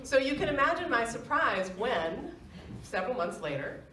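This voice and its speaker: A middle-aged woman tells a personal story live on stage, lively and quick to laugh. Her voice sits at an ordinary pitch. It carries a roomy echo and is picked up from some distance, with faint background noise. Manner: animated, laughs often, acts out quoted voices. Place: stage in an arts center.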